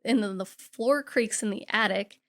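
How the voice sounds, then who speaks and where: A woman co-hosting a podcast, recapping a horror movie in casual, profane, animated chat. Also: medium pitch, moderate pace. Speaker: podcast co-host.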